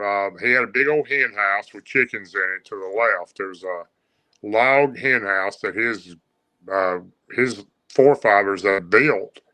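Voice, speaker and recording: Southern man, guest storyteller, rambling with lots of fillers, forceful voice, dry sound. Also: medium pitch, no room sound, rough recording. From Tennessee. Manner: rambling, with many fillers and restarts.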